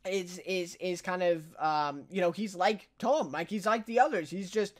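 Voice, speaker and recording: Young male reviewer, light high voice, casual filler-laden recap. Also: moderate pace. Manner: chatty, filler-heavy, laughs while retelling scenes.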